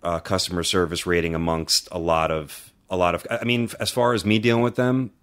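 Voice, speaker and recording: A man co-hosting a podcast, chatting casually with quick, profane, rambling asides. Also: low-pitched, steady tone, fairly bright tone. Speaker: podcast co-host.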